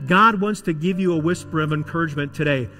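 A man preaching a sermon as pastor in a church, with dramatic delivery that swings between loud emphasis and hushed tones. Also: a little high, quick pace, big-room sound, soft background music. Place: church sanctuary.

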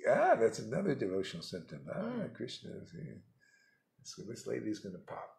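A man's voice: mid-range voice, huge pitch swings, moderate pace, gravelly, darkish tone. A man giving a rambling, blunt spiritual talk, mocking and laughing often. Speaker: spiritual teacher. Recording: echoey room.

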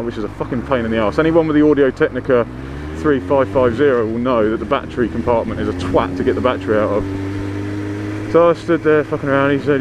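A medium-pitched man talks fast while vlogging a motorbike ride through town, cursing and complaining about traffic as he chats to the camera. The audio is dull and noisy with wind and traffic.

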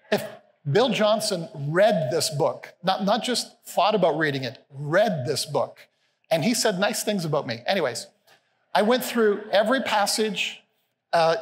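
Animated pastor in a reverberant hall. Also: male voice, a little hiss or hum. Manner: animated, playful, acts out quotes with rising pitch. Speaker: senior pastor. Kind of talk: sermon. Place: large church hall with a live congregation.

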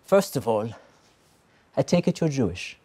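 An actor playing a calm, patient male therapist with a German accent, speaking in a measured, gentle way. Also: medium pitch, slightly rough.

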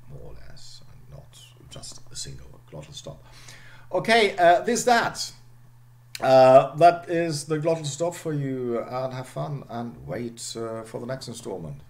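A man giving a lecture on speech sounds, halting and full of "okay" and "uh", sometimes dropping to a whisper at the end of a phrase. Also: medium pitch. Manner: halting delivery, frequent "okay" and "uh". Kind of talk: recorded phonetics lecture.

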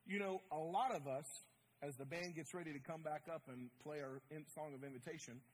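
A male pastor preaching a sermon in a church, animated, swinging his pitch wide as he acts out the people in the story. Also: a little fast, slight background noise. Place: church sanctuary.

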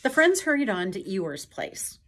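Storytime host, female; slow, lively read-aloud with chatty asides to kids. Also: mid-range voice. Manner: slow, animated, chatty asides to young viewers. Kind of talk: reading a picture book aloud to children.

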